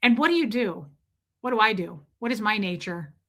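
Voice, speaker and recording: Bright-voiced woman telling a story on a livestream. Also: medium pitch, expressive, moderate pace. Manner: emphatic storytelling, acts out quoted voices. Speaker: livestream host. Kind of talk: casual livestream chat.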